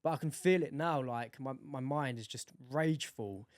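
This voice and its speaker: A young man co-hosting a podcast in casual chat, swearing freely and telling animated stories. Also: medium pitch, moderate pace, no echo. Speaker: podcast co-host.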